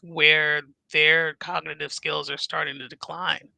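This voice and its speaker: A woman in her fifties chatting frankly as a podcast co-host, telling stories with animated, acted-out dialogue. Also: low-pitched, measured pace, gravelly, no room sound. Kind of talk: casual chat.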